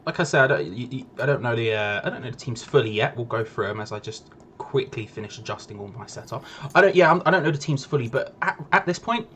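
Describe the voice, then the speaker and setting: Brief: young man, chatty stream co-host, mid pitch, light hiss behind. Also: fairly quick. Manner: chatty, playful, repeats himself for effect. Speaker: co-host of a football fan watch-along. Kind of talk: casual live-stream chat.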